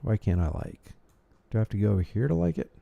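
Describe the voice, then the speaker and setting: A man's voice: lowish voice, very animated, quick pace, gravelly, phone-quality sound. A man hosting a casual livestream, rambling and thanking viewers by name as he reads their messages. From United States. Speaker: livestream host. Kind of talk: casual livestream chat reading super chats.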